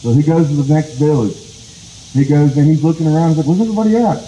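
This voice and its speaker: A storyteller from the Cherokee Nation spins an old tale aloud in a relaxed, chatty way. His voice is very dark and mellow. The sound is echoey, with faint noise behind. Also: on the high side, fast talker. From United States, Cherokee Nation. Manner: casual, conversational, lots of "and so". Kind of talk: live oral storytelling. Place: outdoor heritage festival.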